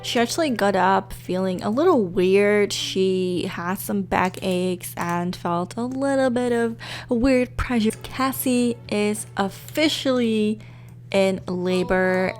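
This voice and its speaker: A young woman giving casual, excitable let's-play commentary with lots of fillers, talking into a desk microphone. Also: mid-range voice, a little hiss or hum. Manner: chatty, excitable, many fillers. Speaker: gaming YouTuber.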